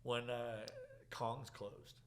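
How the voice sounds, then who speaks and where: A young man with a mid-range voice draws out his words over a little hiss or hum while hosting a casual podcast chat. He tells stories animatedly, acts out quotes, and laughs often.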